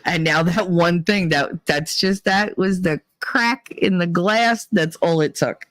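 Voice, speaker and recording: A woman's voice: on the low side, takes it slowly, no room sound. A woman hosting a podcast, telling stories in a chatty, laughing way and swearing freely. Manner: chatty and animated, swearing, laughing, squealing acted-out quotes. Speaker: podcast host. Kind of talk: casual storytelling monologue.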